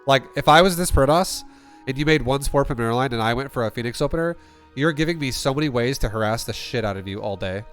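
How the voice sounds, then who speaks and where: A man's voice: mid-range voice, lively intonation, quick pace, a bit bright, faint music behind. A man coaching a player through a game replay, blunt and rambling, swearing often and restarting sentences. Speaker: StarCraft coach. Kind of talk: casual replay coaching with profanity.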